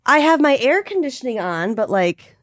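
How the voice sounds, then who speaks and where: A woman's voice: high-pitched, very animated, normal speed, no room sound, clean studio sound. A woman co-hosting a podcast from her home office, chatting casually, laughing often and swearing freely. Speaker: podcast co-host. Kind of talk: casual chat.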